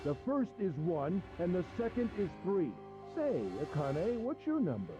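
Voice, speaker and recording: An actor playing a sadistic, gentlemanly middle-aged male captor in a video game, speaking in a mocking, theatrical way with giggling menace. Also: high voice, very animated, unhurried, over music. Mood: condescending.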